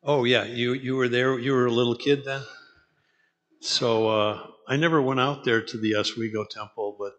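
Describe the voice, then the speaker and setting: A man speaking at a memorial, recalling the past in halting phrases. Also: mid-range voice, steady tone, fairly bright tone, muffled recording, a little hiss or hum. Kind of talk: reminiscing talk.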